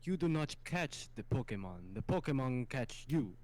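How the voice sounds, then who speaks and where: A man doing a solemn Soviet comrade with a heavy put-on Russian accent. He declaims slowly and gravely, his pitch swinging widely. The voice comes through a voice chat call. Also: big pitch swings, a little mellow, lightly acted.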